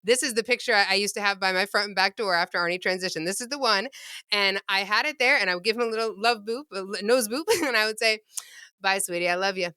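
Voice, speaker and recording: A woman pet loss grief counselor, speaking gently and earnestly in a podcast interview. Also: mid-range voice, fast, smooth, no echo, studio quality.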